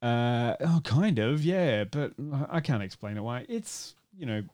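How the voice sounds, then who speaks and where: A man talking casually on a movie podcast, rambling and restarting his sentences often. His pitch jumps about a lot in a mid-range voice. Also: expressive, a little slow, darkish tone. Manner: rambling, many restarts and fillers, swearing. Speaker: podcast co-host.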